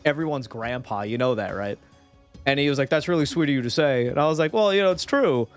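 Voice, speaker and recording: A man's voice: mid-range voice, quick pace, soft background music. A young man hosting a podcast, telling a story in casual chat, acting out the voices of the people in it and swearing freely. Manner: animated, acts out voices in anecdotes, swears casually. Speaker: podcast host.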